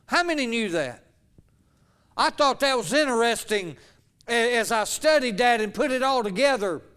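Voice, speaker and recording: Man preaching a sermon, very high voice, clear and resonant, rhetorical questions, stretched-out words. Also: lively intonation, moderate pace, a bit bright. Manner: emphatic, asks the congregation rhetorical questions, stretches key words.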